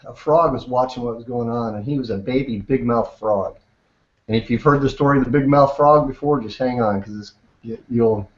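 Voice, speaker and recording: A man hosting and closing the video by telling an animal fable in a lively storytelling manner. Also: medium pitch. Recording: dull lo-fi recording.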